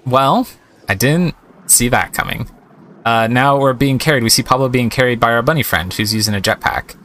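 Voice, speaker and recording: A man's voice: mid-range voice, normal speed, sharp tone, slight background noise. A man giving casual, chatty gameplay commentary, amused and thinking aloud as he plays. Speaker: let's-play host.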